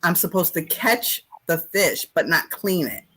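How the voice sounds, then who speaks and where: A woman's voice: fairly low pitch, sing-song, measured pace, fairly bright tone, breathy edge, rough recording. A woman hosting a podcast conversation, affirming and emotionally open, speaking reflectively. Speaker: podcast host. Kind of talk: casual chat.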